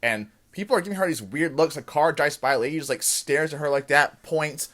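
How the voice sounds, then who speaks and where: A man hosting a TV after-show, giving a casual, excited recap of an episode and acting out the characters' lines as he goes. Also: on the high side, brisk.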